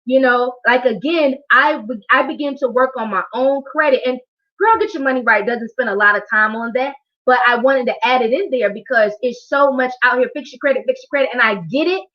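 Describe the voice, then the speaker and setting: A high-pitched woman leads a live online workshop as a financial coach, speaking with a fervent, preacher-like drive and calling out to her listeners. Her voice comes through a muffled, lo-fi video call. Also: a little fast. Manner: animated, preacher-like, talks straight to the audience. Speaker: financial coach hosting a training.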